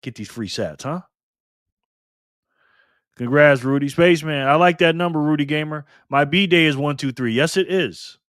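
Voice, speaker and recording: In clean studio sound with no echo, a man runs a casual live stream, cheerfully greeting viewers by name and chatting while he spins a prize wheel. His voice is on the high side and a bit bright, at a moderate pace.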